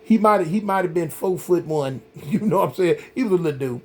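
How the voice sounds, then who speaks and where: High-voiced middle-aged man telling a story. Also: a little fast, faint music behind. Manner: rambling and animated, full of "man" and "y'all". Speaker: vlog host. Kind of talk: casual storytelling to camera.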